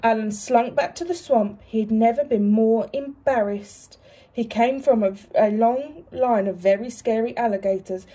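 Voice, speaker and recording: A woman teacher reading a picture book to young children, expressive and asking them questions. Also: fairly high pitch, a little slow, slightly rough.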